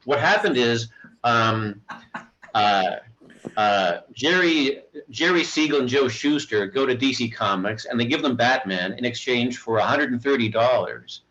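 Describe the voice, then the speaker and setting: A man's voice: medium pitch, animated, a little slow, fairly bright tone, a little hiss or hum. A man co-hosting a podcast, chatting casually about comics in a blunt, opinionated way and often stopping to say um or restart a sentence. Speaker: podcast co-host. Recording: dull lo-fi audio.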